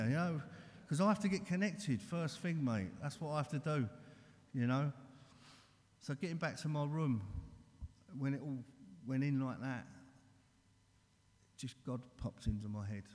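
A man's voice: medium pitch, animated, measured pace, a little mellow. A man giving an earnest, blunt recovery share, talking straight and calling everyone mate, in a large hall. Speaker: recovery speaker. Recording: long hall reverb.

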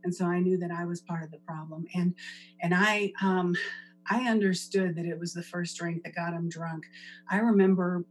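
A woman's voice: fairly low pitch, steady tone, moderate pace, faint music behind, low-quality recording. A middle-aged woman giving a personal recovery share, conversational and rambling, with lots of fillers and restarts. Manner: rambling, wanders off on tangents. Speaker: recovery meeting speaker.

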